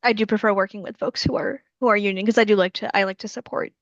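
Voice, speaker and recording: An American woman hosts a relaxed interview as an author, asking friendly questions and giving short nods of agreement. Her voice is mid-pitched. The audio is dry and a little muffled, like a video call. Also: fast, dry recording. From United States. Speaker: author and host. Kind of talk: casual interview chat.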